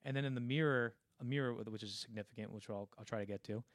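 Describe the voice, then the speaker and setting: A man's voice: mid-range voice, fast, no room sound, clean studio sound. A young man co-hosting a casual film podcast, animatedly retelling scenes in a rambling way full of restarts. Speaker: podcast co-host.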